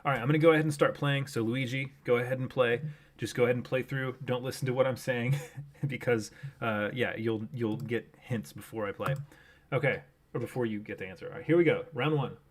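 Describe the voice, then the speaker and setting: A man's voice: medium pitch, brisk, slight background noise. Rambling man thinking aloud while streaming. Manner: rambling, thinks aloud with many fillers and restarts. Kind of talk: casual live-stream commentary.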